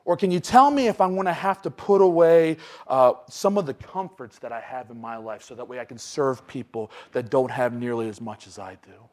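A young man preaching a sermon, dropping to low asides and then rising to loud, emphatic scripture reading. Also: moderate pace, hardly any pauses.

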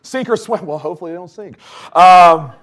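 A man preaching a casual, conversational sermon, telling stories with lots of fillers and swinging between loud bursts and hushed asides. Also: high-pitched, a little fast. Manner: chatty with many fillers.

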